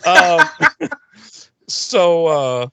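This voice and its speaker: A man co-hosting a podcast who recaps a TV episode in casual, profane talk, laughing often and getting animated. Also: fairly high pitch, very slow, creaky, heavy background noise. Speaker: podcast co-host.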